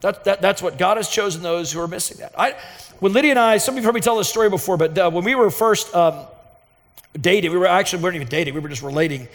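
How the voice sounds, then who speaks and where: A man preaching a sermon as pastor, earnest and emphatic, telling a personal story with fervent intensity. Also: a little high. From Texas, USA. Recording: reverberant hall sound.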